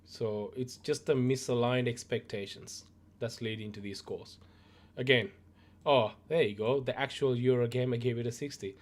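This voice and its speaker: A man hosting a gaming news show, chatting casually to viewers in a relaxed, rambling way with many fillers. He is losing his voice and coughs now and then. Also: medium pitch, normal speed.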